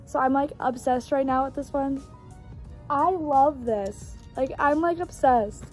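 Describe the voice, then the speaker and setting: High-voiced chatty young woman vlogging. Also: measured pace, faint music behind. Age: young adult. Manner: chatty and gushing, swears casually, many "like"s. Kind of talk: casual vlog chat. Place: at home.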